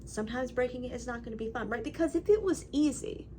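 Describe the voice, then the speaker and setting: A woman's voice: a little high, fast, dark tone, a little hiss or hum. Emphatic woman vlogging to camera. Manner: emphatic, rambling, frequent "right?" and "you know". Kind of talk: casual talking-head monologue.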